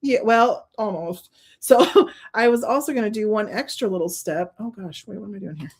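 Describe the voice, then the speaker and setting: A woman hosts a card-making stream, chatting casually, laughing often and thinking aloud as she works through a crafting demonstration. She's gushing and openly emotional, with a mid-range, darkish voice that has a breathy edge, at a normal speed.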